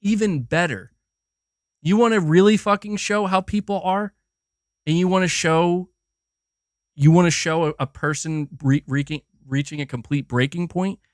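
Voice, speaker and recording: A man hosting a gaming livestream, ranting in a swearing, emphatic way that keeps restarting mid-sentence. His voice sits a little high for a man. The sound is close and dry, with no room around it. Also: moderate pace, no room sound. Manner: animated, profane and emphatic, with frequent restarts. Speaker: livestream host. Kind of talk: casual livestream rant.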